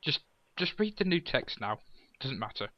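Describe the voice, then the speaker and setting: A man's voice: medium pitch, very animated, moderate pace, no echo, dull audio. A man chatting casually while playing a game with a friend, reading game text aloud and laughing often. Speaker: gamer. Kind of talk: casual let's play chat.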